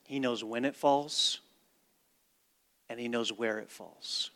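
A man preaching a sermon as pastor, with dramatic swings from hushed to loud and emphatic delivery. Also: medium pitch, takes it slowly. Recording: long reverb of a large hall.

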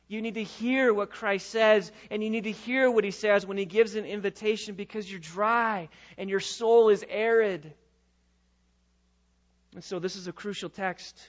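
A man preaching a sermon as pastor, swelling from quiet teaching to loud, passionate proclamation. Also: sits high, highs cut off. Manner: preaching with rising and falling intensity, sometimes loud.

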